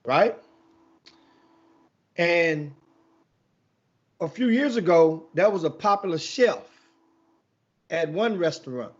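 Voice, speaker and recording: A man's voice: on the high side, expressive, slow pace, long pauses, husky, lo-fi sound. A man hosting a casual sports talk show, telling a long rambling story with many restarts.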